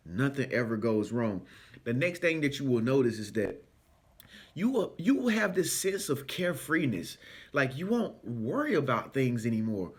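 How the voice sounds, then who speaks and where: A man speaking in an animated, preachy, sing-song way in a motivational vlog. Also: mid-range voice, moderate pace. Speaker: spiritual self-help vlogger.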